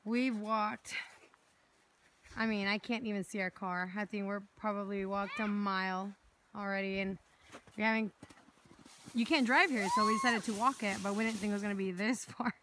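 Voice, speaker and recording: Out on a snowy mountain, a young woman films a family vlog, chatting and laughing often as she jokes about her own complaining. Her mid-range voice stays steady at a normal speed, though the background is noisy.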